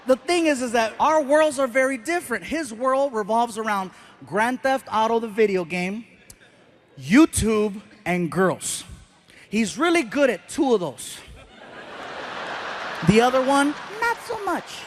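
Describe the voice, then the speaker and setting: A middle-aged man with a very high voice tells a story in his stand-up set. He is animated and acts out the other people's voices as he goes. Faint background noise sits under him. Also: measured pace. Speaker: stand-up comedian. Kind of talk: stand-up comedy routine.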